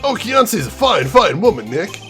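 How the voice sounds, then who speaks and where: A man's voice: sits high, big pitch swings, unhurried, pushed and bright, soft background music, voice pushed up, heavily acted. Brief: male streamer playing a dopey, lovestruck dude, loose and laid-back, with a bouncy lilt. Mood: goofy. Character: goofy lovesick young man.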